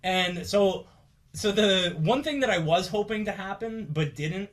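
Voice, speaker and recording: A man's voice: high voice, animated, measured pace, fairly bright tone. Chatty young man, rambling host. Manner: chatty, rambling with many fillers and laughs. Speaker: podcast host. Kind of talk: casual chat.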